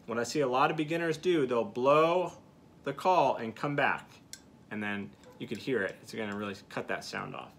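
A man demonstrates duck calling for beginners, guiding them step by step as an instructor and checking in with frequent "okay"s. His medium-pitched voice is slightly rough with vocal fry, and he keeps a moderate pace.

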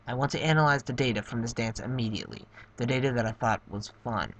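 A man doing a flat, formal talking computer. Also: medium pitch, quick pace. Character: calm, literal-minded male computer. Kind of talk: voicing game dialogue in a playthrough.

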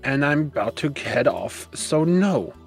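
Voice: mid-range voice, very animated, a little slow, gravelly, faint music behind. A player voicing a stubborn, grumpy pirate captain in a game role-play, talking pirate slang and calling people lass. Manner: pirate talk, calls people lass and lad.

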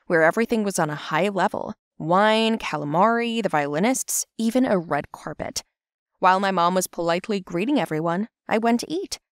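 A young woman from Central Asia narrating her own animated story in an expressive, dramatic way. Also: mid-range voice, no echo, clean studio sound. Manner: expressive, dramatic, shouty at peaks.

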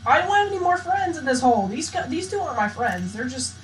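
A woman giving excitable, slangy live gameplay commentary as a channel host, often bursting into loud shouts. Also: sits high, quick pace. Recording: echoey room with faint noise.

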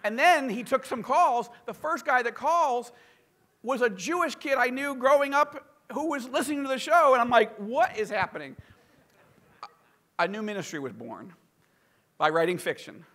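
American man, author, casual storytelling, self-deprecating, high-pitched. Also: moderate pace. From United States. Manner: animated, self-deprecating, acts out quotes. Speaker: author and podcast guest.

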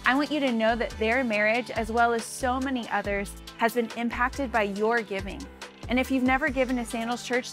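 A woman reading church announcements in an upbeat, inviting way. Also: fairly high pitch. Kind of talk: scripted announcements.

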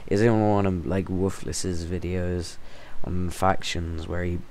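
Low-voiced excitable gaming commentator. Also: male voice, a little slow, slight background noise. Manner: chatty, excitable, with sudden exclamations. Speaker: gaming channel host. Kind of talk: gameplay commentary. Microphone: temporary stand-in mic.

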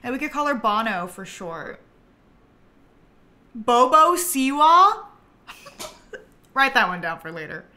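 High, lively giggly woman streamer. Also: slow, pauses often. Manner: giggly, excitable, thanks viewers for subs. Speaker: livestream host. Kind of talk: gameplay livestream commentary.

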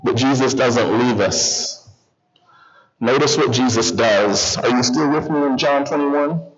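Faint music plays behind a guest pastor with a mid-range voice as he preaches at a measured pace, animated and constantly quizzing the congregation. The church recording sounds slightly dull, with the congregation audible.

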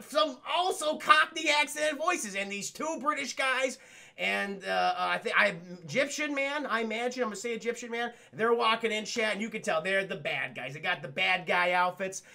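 High-voiced gravelly man streaming a film recap. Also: fairly quick, pushed and bright. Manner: rambling, crude, addresses chat constantly. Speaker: livestream film reviewer. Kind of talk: casual profane film recap to chat.

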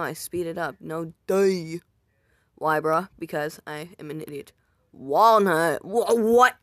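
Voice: mid-range voice, fairly bright tone, no room sound, clean studio sound. A YouTuber casually reading viewer comments aloud, rambling and poking fun at their own old videos. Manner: self-deprecating, rambling, reacts aloud.

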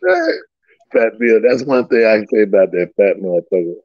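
A man spins a profane yarn with a lively, swooping delivery and plenty of laughter, acting out what everyone said. His low voice carries a gravelly edge. The recording is dry and a bit dull and lo-fi. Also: a little fast, no room sound. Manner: animated, profane, laughs often, reenacts dialogue. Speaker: guest recounting old stories. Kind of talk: casual profane storytelling. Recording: slightly dull lo-fi sound.

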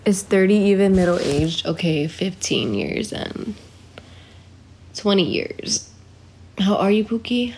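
Slow-talking young woman live streaming. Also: medium pitch, animated, a little mellow, a little hiss or hum. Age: 20s. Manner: chatty, reads viewer comments aloud, sings snatches of a song. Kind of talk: casual live stream chat. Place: home indoors.

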